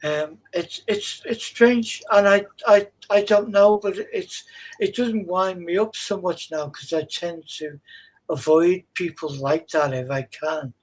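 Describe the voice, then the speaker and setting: A man's voice: high voice, unhurried, poor audio. A man with a Liverpool accent, a guest on a radio chat show, speaking thoughtfully. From Liverpool, England. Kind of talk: casual chat.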